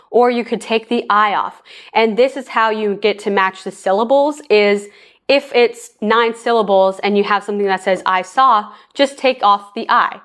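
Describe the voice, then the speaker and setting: A woman's voice: medium pitch, fairly bright tone. A woman teaching a songwriting lesson, explaining plainly step by step and speaking straight to the viewer. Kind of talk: casual spoken lesson.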